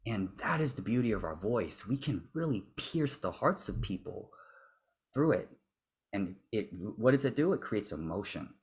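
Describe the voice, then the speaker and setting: A man leads a workshop as a vocal confidence coach. His voice is low and husky. He speaks in an animated way and acts out voices to show what he means. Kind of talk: workshop talk.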